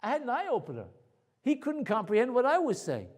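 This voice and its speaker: A man speaking as a rabbi, telling anecdotes to an audience in a lively way, full of asides and repeated words. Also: extremely high pitch, a little fast. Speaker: rabbi and lecturer. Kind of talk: storytelling talk to an audience.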